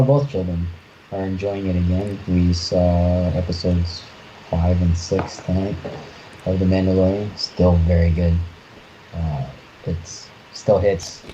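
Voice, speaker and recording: A man in his thirties co-hosts a podcast, chatting casually in a halting way with many restarts and fillers. His voice sits low and mellow with fairly even intonation. The audio is muffled and lo-fi, with faint noise.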